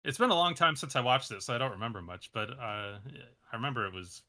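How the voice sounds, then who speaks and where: A man with a sharp, bright voice answers interview questions in a loose, casual way. He hesitates often, fills gaps with "um" and "uh," and laughs softly between thoughts. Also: medium pitch, expressive, a little fast, slight background noise. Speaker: animation creator, interview guest.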